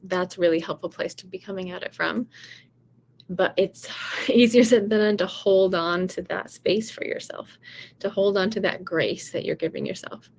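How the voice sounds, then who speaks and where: A woman's voice: mid-range voice, moderate pace, vocal fry. A woman vocal coach giving casual, encouraging advice in a chatty way, often saying "you know" and "right".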